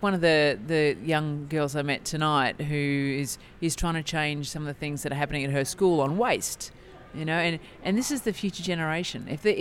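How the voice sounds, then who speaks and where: Woman, podcast co-host, casual chat, reflective and enthusiastic, faint background hiss. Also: deep voice.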